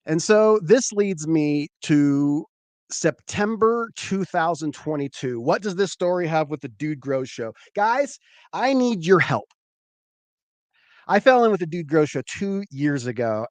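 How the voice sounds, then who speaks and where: A man hosting a show, telling a rambling, animated personal story with swearing. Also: a little high, normal speed, dry recording. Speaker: show host, former comedian. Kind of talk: casual storytelling.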